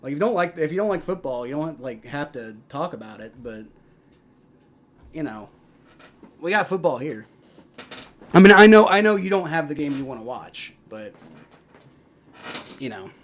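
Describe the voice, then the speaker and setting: A young man hosting a live football stream, mixing play-by-play calls with casual, profane replies to his chat, loud on big plays and mumbling in between. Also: fairly high pitch, animated, normal speed, pauses often. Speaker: livestream host doing play-by-play.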